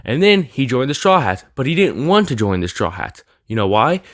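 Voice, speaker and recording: A man's voice: medium pitch, very animated, normal speed, a bit bright, no room sound, clean studio sound. Sarcastic young man ranting casually. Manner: rambling, sarcastic, with filler words and restarts. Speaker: anime YouTuber. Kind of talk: casual opinion rant.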